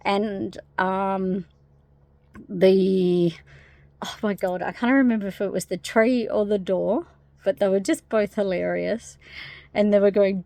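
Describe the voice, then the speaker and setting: A woman in a casual spiritual vlog who talks in a soft, rambling way, full of fillers and asides. Her voice has a gravelly fry at mid pitch. The sound is close and dry. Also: steady tone, takes it slowly, no room sound. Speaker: spiritual vlogger. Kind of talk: casual spiritual talk to camera.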